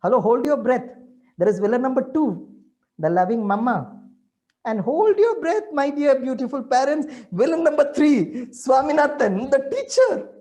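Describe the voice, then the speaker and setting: A middle-aged man with an Indian accent delivers a motivational talk full of stories. His mellow voice swoops up and down in lively pitch. He swings between soft asides and loud, dramatic lines. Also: normal speed. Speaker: motivational speaker.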